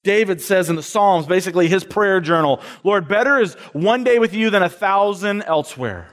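A high-pitched male preacher gives an animated sermon to college students and acts out the voices he quotes. His voice rings with a long reverb from the large hall he speaks in. He talks like a campus minister addressing his students. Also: moderate pace.

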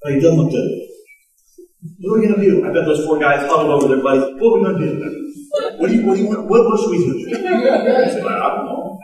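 A man with a high voice preaches to his congregation, retelling the story with lively energy and putting on quick voices for each character. He sounds far from the microphone, and his words ring through a very echoey hall. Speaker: pastor. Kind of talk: sermon.

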